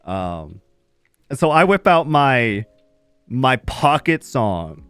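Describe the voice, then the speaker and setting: A man's voice: medium pitch, takes it slowly, clean tone, no room sound, faint music behind. A young man streaming, telling a casual story to his chat with lots of laughter and swearing. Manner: animated, laughs often, swears freely.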